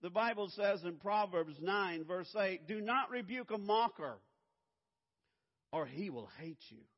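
Husky pastor preaching in a reverberant hall. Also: male voice, animated, unhurried. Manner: swings from hushed lows to loud urgent emphasis. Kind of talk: sermon. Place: church sanctuary. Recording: dull lo-fi sound, long hall reverb.

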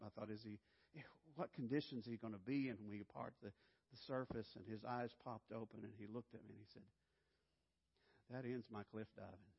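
A man telling a personal story to an audience, dramatic and swinging from loud to hushed. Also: mid-range voice. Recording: dull, echoey hall recording.

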